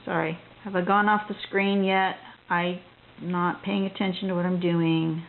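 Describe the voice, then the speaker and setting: A woman with a lowish, gravelly voice chats her way through a drawing lesson, thinking aloud and often restarting her sentences. The sound is thin and tinny, like a phone line, with a faint hiss underneath. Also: level tone, measured pace. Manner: chatty and rambling, with frequent restarts. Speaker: drawing instructor.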